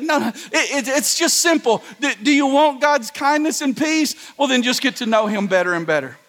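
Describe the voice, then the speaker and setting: Male pastor with a very high voice, sermon full of stammered restarts, long church hall echo. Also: moderate pace, fairly bright tone. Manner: preaching with repeated stammered restarts and call-and-response.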